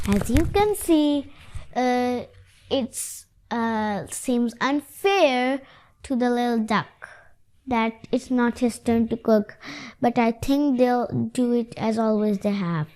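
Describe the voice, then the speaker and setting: A woman reading a picture book aloud to children, stopping to explain it with halting asides and fillers. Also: on the high side, darkish tone. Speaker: storyteller.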